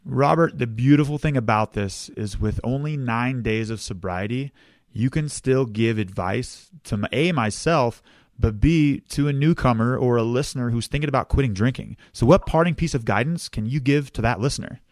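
A man's voice: medium pitch, normal speed, a little mellow, no room sound, studio quality. A man hosting a podcast in a casual interview chat, upbeat and often addressing his guest by name. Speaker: podcast host.

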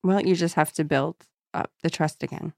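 A woman's voice: low-pitched, fairly even intonation, normal speed, vocal fry, darkish tone, no room sound, clean studio sound. A woman co-hosting a book podcast, chatting casually with sarcastic jokes. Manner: sarcastic, joking. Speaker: podcast co-host. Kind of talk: casual chat.

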